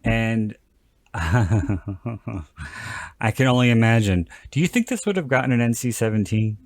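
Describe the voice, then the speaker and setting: A man's voice: medium pitch, lively intonation, measured pace, no echo. A man hosting a podcast in casual chat, rambling and joking, often stopping to restart his sentences. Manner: rambling, self-interrupting, jokey. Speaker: podcast host.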